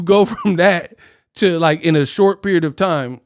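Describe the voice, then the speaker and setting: A man's voice: high-pitched, moderate pace. A man hosting a live stream, ranting animatedly in casual talk and laughing often. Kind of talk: casual reaction rant.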